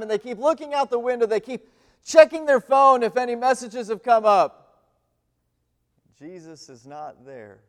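A man giving a sermon as a guest speaker, swinging between loud pleading and hushed, near-whispered lines. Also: very high-pitched, expressive, normal speed. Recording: long hall reverb.

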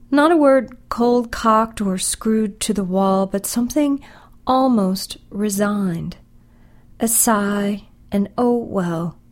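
Female poet, mid pitch, reads her own verse slowly and deliberately, soft with whispery passages. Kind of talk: reading her own poetry.

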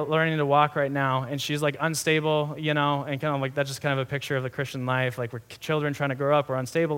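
A young man, a pastor, giving a sermon in a conversational, animated way with many asides. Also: fairly high pitch.

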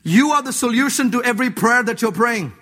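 A man preaching a sermon as a pastor, emphatic, jumping from loud urging to low asides, in a church. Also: animated, brisk. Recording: long hall reverb.

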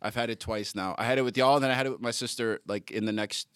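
Young male podcast host from Canada, bright and close-miked, laughs a lot. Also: fairly low pitch, fast, smooth, dry recording. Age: young adult. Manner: joking, laughs often, swears casually. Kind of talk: casual podcast chat. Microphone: studio mic.

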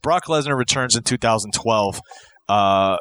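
A man's voice: fairly low pitch, measured pace, a bit bright. A man co-hosting a podcast, talking casually and enthusiastically, rambling with restarts. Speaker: podcast co-host. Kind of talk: casual chat.

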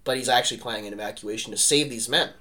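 A man with a bright, forceful voice tells history in a loose, animated podcast chat. He rambles through his points, filling them with "like" and "right?". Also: medium pitch, rapid-fire. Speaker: podcast co-host. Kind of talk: casual history discussion.

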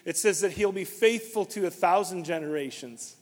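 A man's voice: high-pitched, moderate pace. A man preaching a conversational sermon as a pastor, telling stories with many restarts. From Canada. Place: church. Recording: long hall reverb.

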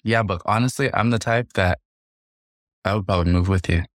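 Very deep-voiced young man telling a story. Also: fairly quick, dry recording, studio quality. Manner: animated storyteller, mimics others in a high voice. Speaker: podcast co-host. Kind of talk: casual chat. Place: a room at home.

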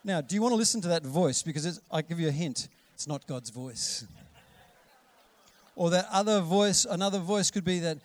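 Man, pastor, conversational sermon, fairly high voice. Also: lively intonation, moderate pace. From Australia. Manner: conversational, acts out quoted voices, drops to a hush for gentle lines.

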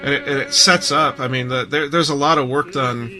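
A man's voice: mid-range voice, brisk, over music, low-quality recording. A man hosting a casual film discussion, thoughtful and repeating words as he gathers his thoughts.

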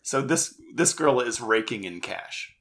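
A woman's voice: rumbling low, lively intonation, a little slow, a bit bright. A woman co-hosting a casual podcast, recapping a movie with wry, sarcastic asides. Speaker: podcast co-host.

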